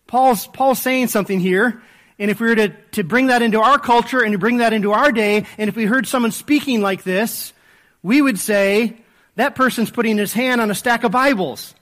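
A man with a high voice delivers a sermon in a relaxed, conversational manner. He speaks with many fillers and restarts, like a pastor thinking aloud before his congregation. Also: moderate pace. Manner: conversational preaching with frequent fillers, dropping to a soft hush in prayer.

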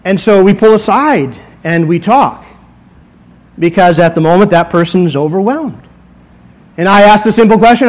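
A man's voice: sits high, lively intonation, normal speed, poor audio. A man in his forties, a pastor preaching a conversational sermon in a church, acting out little dialogues as he goes. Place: church sanctuary.

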